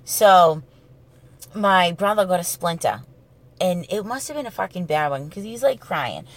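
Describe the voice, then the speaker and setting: A woman's voice: lowish voice, lively intonation, a little slow. A woman telling stories in a casual, profane, rambling way, going off on tangents. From New England. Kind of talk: casual storytelling monologue.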